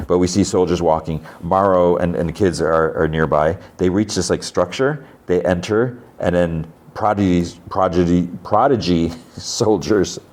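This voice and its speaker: A man with a low, deep voice recaps a show in a loose, rambling way. He piles on fillers and acts out the characters' lines as he goes. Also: unhurried, hardly any pauses, darkish tone. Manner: rambling retelling full of fillers and quoted lines. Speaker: podcast host. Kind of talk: casual episode recap.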